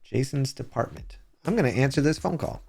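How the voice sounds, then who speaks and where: A man streaming live, chatting casually with his viewers and telling rambling, animated stories. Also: mid-range voice, fairly quick, creaky, faint music behind. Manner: rambling, animated storytelling with chat shout-outs.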